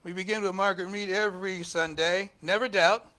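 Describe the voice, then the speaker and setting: Bright-voiced older male pastor. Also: sits high, a little fast. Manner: animated, laughing, acts out quotes in a raised voice. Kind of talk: storytelling sermon.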